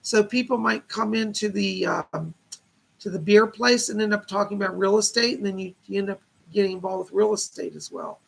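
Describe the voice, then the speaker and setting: A man's voice: high voice, fairly even intonation, fairly quick, vocal fry, slightly rough. A man hosting a live stream, giving psychic readings in a chatty, reassuring way and passing on messages from spirits. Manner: chatty, relays spirit messages and reads viewer questions aloud. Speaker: psychic medium host.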